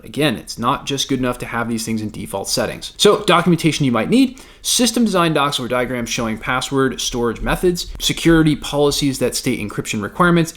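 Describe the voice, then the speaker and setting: A man's voice: medium pitch, fairly bright tone. A man, a compliance consultant, explaining security rules in a conversational video with frequent jokes and asides. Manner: joking, conversational.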